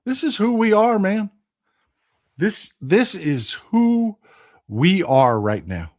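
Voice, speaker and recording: A man's voice: high voice, sing-song, takes it slowly. Impassioned Texan man hosting a live stream. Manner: impassioned, swings from loud outrage to quiet hushed replies. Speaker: live stream host reading viewer comments. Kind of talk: casual political live stream commentary.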